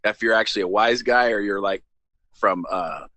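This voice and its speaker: A man's voice: fairly low pitch, moderate pace, dry recording. A man co-hosting a casual comedy show, telling game matchups as stories, teasing his partner and moving the show along. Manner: animated storyteller, teasing, moves the show along. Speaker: co-host.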